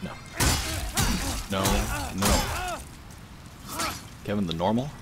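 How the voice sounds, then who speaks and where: A man's voice: lowish voice, big pitch swings, moderate pace, heavy background noise. A man giving casual gameplay commentary as a streamer, joking and swearing freely. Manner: profane, joking trash talk. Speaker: gaming streamer.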